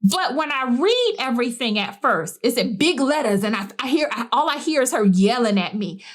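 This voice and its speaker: Animated storytelling woman, higher voice. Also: normal speed. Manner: animated, emphatic storytelling with acted quotes. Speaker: podcast co-host. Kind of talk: casual chat.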